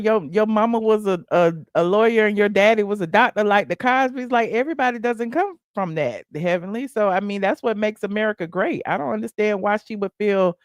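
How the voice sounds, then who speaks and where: A woman's voice: mid-range voice, no echo. Casual woman host reacting to a clip. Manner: loose, filler-heavy. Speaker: commentary show host. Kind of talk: casual commentary.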